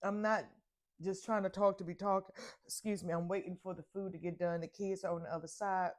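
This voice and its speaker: A woman's voice: lowish voice, fairly even intonation, brisk. An older woman, a grandmother, chatting casually through her morning chores at home. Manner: chatty, talks to herself while doing chores. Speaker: vlogger. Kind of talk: casual morning vlog narration. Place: home kitchen.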